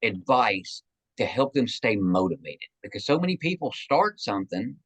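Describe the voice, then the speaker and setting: Animated, enthusiastic male podcast host. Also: fairly low pitch, normal speed, breathy edge, no room sound, rough recording. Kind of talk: casual interview chat.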